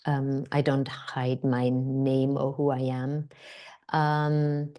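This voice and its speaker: A woman actor telling stories as a podcast guest, animated and full of fillers. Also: rumbling low, takes it slowly. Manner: animated, acts out quotes, many fillers. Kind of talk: conversational storytelling.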